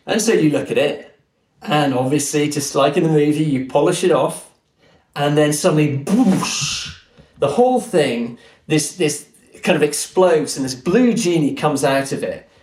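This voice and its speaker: Guy on a podcast telling a story all animated and earnest, sounds like an echoey room. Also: on the high side, measured pace. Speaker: podcast guest. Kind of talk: conversational storytelling. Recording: roomy echo.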